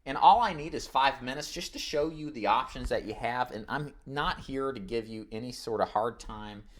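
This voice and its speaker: A man's voice: medium pitch, moderate pace. A man teaching insurance agents in a live online training, coaching with energy and acting out phone scripts. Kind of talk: live webinar sales training.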